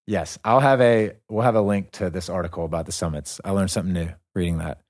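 A man's voice: sits low, fast, darkish tone. A man with a Southern US accent co-hosting a podcast, playful and upbeat. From North Carolina, US. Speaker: podcast co-host. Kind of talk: casual conversation.

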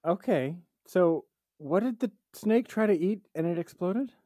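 Male co-host, lively up-and-down pitch, cusses casually, dry sound, playful reactions. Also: unhurried, no echo. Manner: playful, swears freely, animated reactions. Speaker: podcast co-host. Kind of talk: casual comedic chat.

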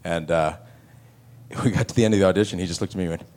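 A man's voice: sits low, racing. A man on a convention panel telling anecdotes, acting out other people's voices as he goes. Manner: animated anecdotes with acted-out voices. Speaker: panel guest actor.

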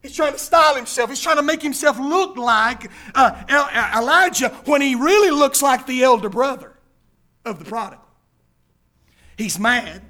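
A man preaching a sermon, animated and acting out the words of Bible figures as he goes. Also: extremely high pitch, moderate pace. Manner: animated, acts out Bible quotes in character.

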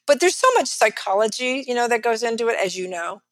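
A middle-aged woman with a Texan accent tells stories from her work as a financial advisor in an animated interview style, acting out the people she quotes. Her voice sits a little high, and the recording is close and dry with no room sound. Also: quick pace, no room sound. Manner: animated, acts out quotes of others. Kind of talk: storytelling in a podcast interview.

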